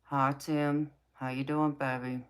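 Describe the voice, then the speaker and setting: A woman with a low, raspy voice hosts a late-night live chat. She reads out her viewers' comments and answers them with sassy warmth, calling them baby. Her mouth is a little dry from talking so long. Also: flat delivery, slow pace. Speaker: tarot reader and live-stream host.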